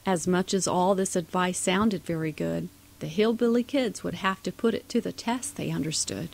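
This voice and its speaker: A woman's voice: fairly low pitch, normal speed, vocal fry, low-quality recording. A woman narrating a rhyming storybook poem in a sing-song delivery.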